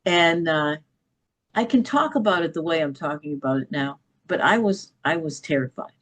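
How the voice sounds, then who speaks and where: Low-voiced middle-aged woman telling a story. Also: expressive, normal speed. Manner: emphatic, checks in with "okay?". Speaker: podcast guest. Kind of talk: personal storytelling in an interview.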